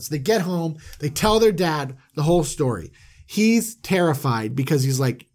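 Male podcast host, comedic casual storytelling, animated and slangy, slightly high voice. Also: normal speed.

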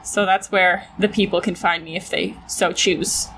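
A woman's voice: fairly low pitch, steady tone, normal speed, vocal fry, fairly bright tone, slight background noise, low-quality recording. A woman guest on a podcast, joking and laughing in easygoing casual chat.

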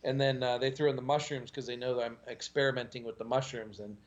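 A man guesting on a podcast, telling stories in an animated way and chuckling often. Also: mid-range voice, fast, muffled recording. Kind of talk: casual podcast chat.

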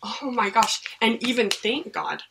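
A woman's voice: on the high side, measured pace, vocal fry, background noise. A woman co-hosting a casual chat, telling her story animatedly and acting out what she said back then. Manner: animated, acts out quoted reactions.

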